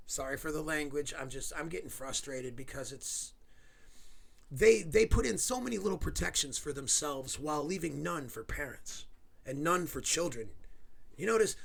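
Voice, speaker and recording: A man delivers a heated, sarcastic rant, swearing as he goes. His voice sits a little high and has a gravelly edge. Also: a bit bright. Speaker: video host. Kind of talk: angry ranting commentary.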